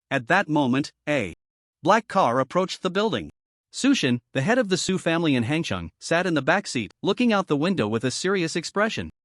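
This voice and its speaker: A man narrates a story recap in a fairly high voice that swoops up and down, keeping the telling lively. The sound is close and dry, with no room around it. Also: no room sound.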